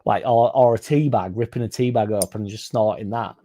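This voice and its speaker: A man's voice: lowish voice, fairly even intonation, fairly quick, dark tone. A man hosting a football fan channel, chatting casually in a rambling, sweary, self-mocking way.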